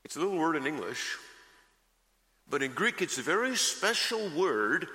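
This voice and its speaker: A pastor preaching a sermon, slow and emphatic, repeating key phrases for weight. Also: male voice, on the high side, very animated, bright, forceful tone. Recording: long reverb of a large hall.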